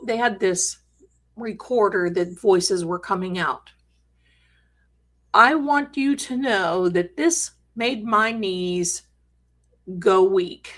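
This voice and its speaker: A woman's voice: medium pitch, fairly bright tone. A middle-aged woman hosting a live stream, telling a story in a chatty, dramatic way with jokey asides. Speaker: host.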